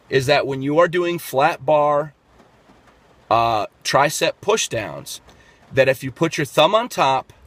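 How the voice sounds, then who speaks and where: A man's voice: medium pitch, a bit bright, no room sound. A man explaining workout technique in a casual fitness vlog, talking step by step with lots of fillers and restarts. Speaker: fitness vlogger.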